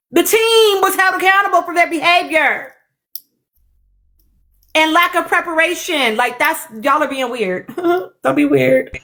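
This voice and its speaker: A woman's voice: very high-pitched, sharp tone. A woman hosting a casual podcast, speaking bluntly to her viewers, repeating herself and swearing freely. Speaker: podcast host. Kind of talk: casual opinion chat with live audience.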